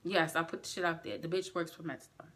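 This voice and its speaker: Woman doing a storytime vlog, bright punchy voice, animated and cussing a lot. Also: fast talker. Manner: animated, profane, swings up in pitch when indignant. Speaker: vlogger. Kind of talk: storytime vlog, casual venting.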